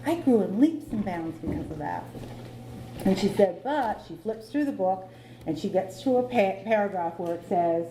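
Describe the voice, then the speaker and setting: At a recovery meeting, a middle-aged woman openly recounts her own story and laughs at herself along the way. Her mid-range voice has lively intonation and a moderate pace. The recording comes from an echoey meeting room with a noisy background.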